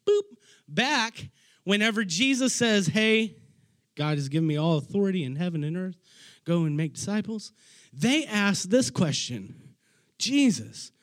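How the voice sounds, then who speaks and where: A man preaching a casual, animated sermon, retelling Bible stories in everyday slang. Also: sits high. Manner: animated storytelling, acting out Bible figures in slangy voices.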